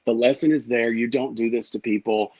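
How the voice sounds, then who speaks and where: Husky-voiced man telling a raw story. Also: mid-range voice, steady tone, a little fast, a little mellow, poor audio. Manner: candid, profane, acts out quoted exchanges. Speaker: guest. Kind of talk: emotional storytelling interview.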